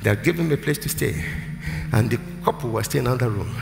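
A man with a Nigerian accent preaching a live church sermon, moving from storytelling into shouted, sing-song declarations. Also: mid-range voice, fast, creaky. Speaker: pastor. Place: large church hall. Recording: roomy church hall with music behind.

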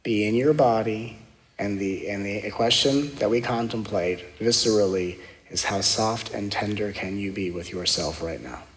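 A man, a spiritual teacher, leading a guided meditation in a soft, slow, gently reassuring way, repeating affirmations. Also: on the low side. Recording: long hall reverb.

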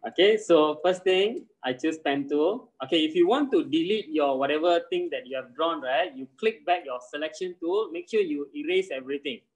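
Patient man teaching software. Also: a little high, animated, rough recording. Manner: patient, repeats steps slowly and reassures. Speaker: design software trainer. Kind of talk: live online software tutorial.

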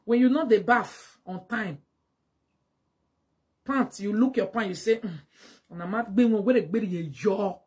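A woman with a Nigerian accent delivering a mocking, scolding monologue to camera, slipping into Pidgin and breaking into loud exclamations. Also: mid-range voice, unhurried, husky. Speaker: vlogger. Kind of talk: casual direct-to-camera monologue.

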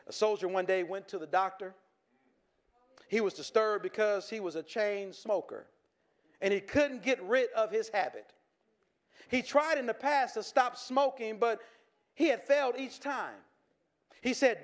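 Pastor guy preaching, high voice, chatty, stumbles and restarts a lot. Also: a little slow, pauses often. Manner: conversational, with stammered restarts and chuckles, shifting from joking to earnest. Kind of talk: sermon.

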